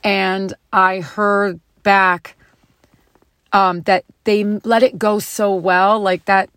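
Woman podcast host, casual spiritual talk, slow and relaxed delivery, laughs a lot, dry close sound. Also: mid-range voice, clear, resonant tone, no room sound. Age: adult parent. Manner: candid, laughs often, swears casually.

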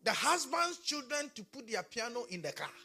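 A man pastor preaching a sermon in a chatty storytelling way, pausing to search for words. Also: very high-pitched, big pitch swings, vocal fry, bright, forceful tone, faint music behind.

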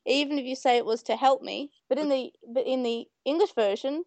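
A woman with a high, bright voice talking in relaxed conversation. She retells scenes with energy and jumps into playful voices for the quotes. The recording is close and dry. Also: fairly quick, no echo. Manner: animated, acts out quoted lines. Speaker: podcast co-host. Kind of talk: casual chat.

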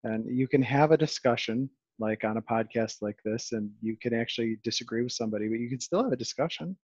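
A man's voice: mid-range voice, fast, darkish tone, slightly rough, dry recording. Podcast host guy, rambly and joking at himself, dry close mic, kinda dull lo-fi sound. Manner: rambling, self-deprecating, with repeated restarts. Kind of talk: casual podcast chat.

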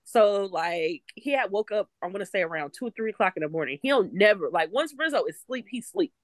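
Woman, casual podcast chat, rambling with restarts, dry close sound, mid pitch. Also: lively intonation, quick pace, no echo. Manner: rambling, many fillers and restarts. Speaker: podcast co-host.

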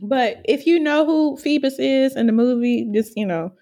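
A woman's voice: sits high, moderate pace, mellow. A woman co-hosting a podcast in casual chat, teasing the others, laughing often and swearing now and then. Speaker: podcast co-host.

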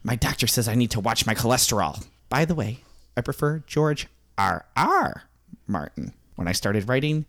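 A man's voice: medium pitch, sing-song, normal speed, fairly bright tone, pitched below the performer's own voice. A man playing a pompous older male fantasy author in a goofy podcast impression. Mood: silly pompous. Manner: goofy, self-important joking.

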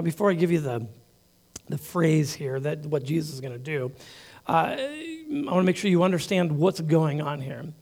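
A man preaching a sermon in a conversational way, with quick asides and repeated words. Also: fairly high pitch, creaky. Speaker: pastor.

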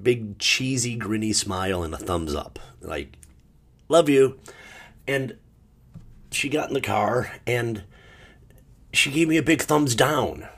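Deep husky man, low and sad. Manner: rambling and emotional, restarting often, with sudden loud outbursts. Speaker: podcast host. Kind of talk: casual solo monologue.

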